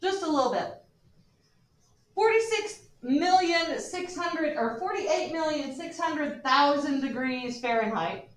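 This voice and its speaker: Animated woman teacher in an echoey classroom. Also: high voice, slow pace, far from the mic. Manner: animated and joking, with students. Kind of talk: classroom lecture.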